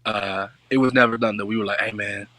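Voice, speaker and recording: Male host, AAVE speaker, lively and teasing, bright tone, close dry mic. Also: on the low side, fast, dry recording. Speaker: podcast host. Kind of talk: casual chat.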